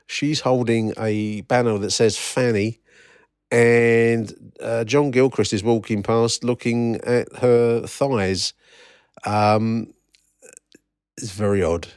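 A man's voice: medium pitch, steady tone, slow, darkish tone, smooth, dry recording, studio quality. A man hosting a solo football history podcast, wry and rambling, with many fillers and restarts as he reads out old newspaper reports. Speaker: podcast host.

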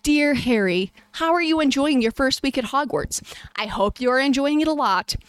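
A woman reading the lines of a gentle, kindly giant groundskeeper in a comic fan fiction reading, nearly whispering his greeting. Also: sits high, lively intonation, moderate pace, dry recording. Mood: warm.

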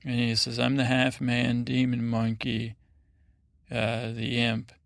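A man's voice: medium pitch, completely flat delivery, takes it slowly, creaky, no echo, clean studio sound. A man hosting a sleep podcast, rambling through a loose retelling of TV scenes with quoted lines. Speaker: podcast host.

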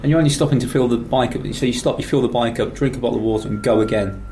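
A middle-aged man from England with a mid-range voice talks at a racing pace, with background noise in the clip. He's hosting a podcast, rambling through stories in a chatty, teasing, casual way.

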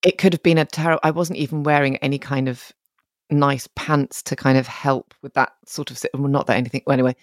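A woman's voice: extremely low pitch, fairly even intonation, a little fast, no echo. A woman co-hosting a podcast, chatting casually and laughing often in a candid, self-deprecating way. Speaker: podcast co-host. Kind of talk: casual chat. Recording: dry remote call audio.

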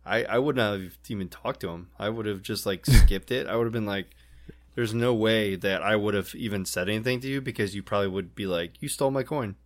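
A man's voice: on the low side, brisk. A man co-hosting a podcast, chatting casually and hesitantly with fillers and restarts. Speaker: podcast co-host. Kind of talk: casual chat.

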